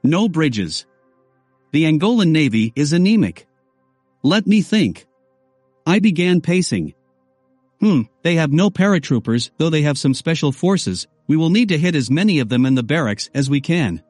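Wry male audiobook narrator, animated. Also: a little high, moderate pace, dry recording, clean studio sound, faint music behind. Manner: wry, sardonic. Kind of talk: first-person novel narration.

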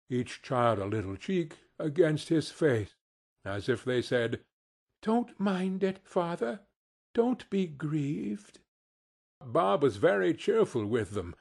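Man narrating audiobook, husky, slow, lively pitch, slightly high. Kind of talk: audiobook reading.

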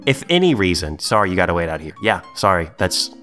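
A man co-hosting a podcast, chatting casually and telling profane, animated stories. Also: deep voice, fast, faint music behind. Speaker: podcast co-host.

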